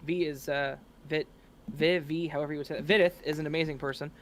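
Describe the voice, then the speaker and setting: A man interviewing a streamer, reading out viewer questions in a relaxed, reassuring, slangy way. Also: fairly high pitch, quick pace, a little hiss or hum. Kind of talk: casual livestream chat.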